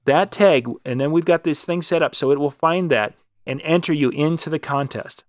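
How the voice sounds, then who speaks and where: A man's voice: fairly high pitch, moderate pace, dry recording, clean studio sound. A man co-hosting a casual live web show, talking in a loose, rambling way with frequent restarts as he promotes a contest. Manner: rambling, restarts and fillers, upbeat promo talk. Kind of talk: casual live-stream chat.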